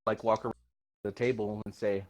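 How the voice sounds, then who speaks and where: A man taking part as a player in a tabletop game, talking relaxed with stammering repeats. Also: lowish voice, fairly quick.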